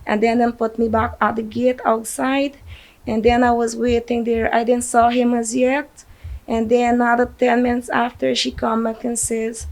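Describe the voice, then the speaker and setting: Distraught Guyanese mother, gravelly voice. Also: a little high, flat delivery, darkish tone, rough recording. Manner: distraught, halting retelling with shaky drops in volume. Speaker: grieving mother interviewed. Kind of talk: emotional news interview.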